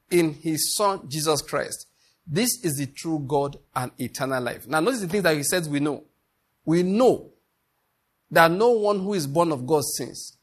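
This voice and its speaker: A man preaches with a slightly high voice, drawing out scripture in slow, measured declarations. He repeats each line so the congregation can say it after him. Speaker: pastor. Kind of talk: sermon with guided scripture meditation.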